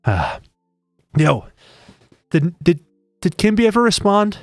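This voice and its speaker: A man's voice: high-pitched, big pitch swings, slow, no echo, clean studio sound, faint music behind. A man chatting casually on a live stream, rambling and joking with many restarts.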